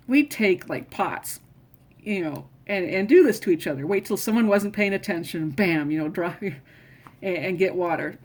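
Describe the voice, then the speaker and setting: Mom telling family stories, rambly, keeps restarting sentences. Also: female voice, medium pitch. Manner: rambling, restarts often, chuckles while telling. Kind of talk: casual personal storytelling.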